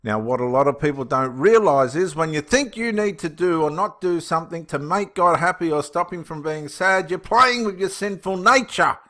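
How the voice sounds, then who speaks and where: A man's voice: fairly high pitch, moderate pace, few pauses. Impassioned man in his fifties. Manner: impassioned, emphatic, swinging between preaching loudly and muttering to himself. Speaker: channel host. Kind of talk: reading and reacting to viewer comments.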